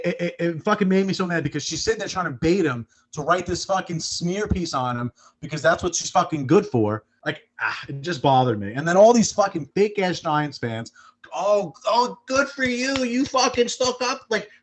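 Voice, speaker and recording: With a fairly high, lively voice, this thirties-aged podcast co-host talks sports briskly and with few pauses. His casual rant is heated, packed with swearing and frequent restarts.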